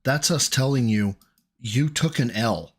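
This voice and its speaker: A man's voice: mid-range voice, measured pace, breathy edge. A man hosting a live stream, ranting bluntly and swearing, reading out donations between rants. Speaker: streamer host.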